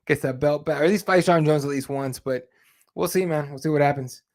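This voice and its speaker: A man co-hosting a fight podcast in casual chat, swearing freely and telling animated stories. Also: a little high, fairly quick. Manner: animated storyteller, swears a lot, laughs at own stories. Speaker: MMA podcast co-host. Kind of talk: casual profane chat, reading viewer comments.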